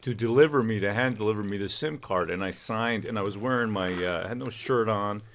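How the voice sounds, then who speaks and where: Low-voiced man hosting a livestream. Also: fairly quick, a bit bright, a little hiss or hum. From Canada. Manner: rambling, joking storyteller. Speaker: livestream host. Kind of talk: casual livestream chat.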